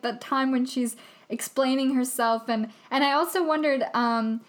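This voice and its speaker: Easygoing woman co-host in casual chat. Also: high voice. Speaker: podcast co-host. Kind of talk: casual movie review chat.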